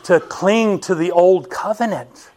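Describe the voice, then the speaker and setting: A man's voice: high-pitched, a little slow, darkish tone. A middle-aged man preaching a sermon as pastor, emphatic and firing rhetorical questions at his congregation.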